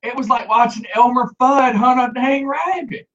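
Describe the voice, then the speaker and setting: A man telling a story in casual chat, animated and laughing, acting out the people he quotes. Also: very high-pitched, normal speed, a little hiss or hum. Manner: animated, acts out quoted voices, laughs often. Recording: dull lo-fi sound.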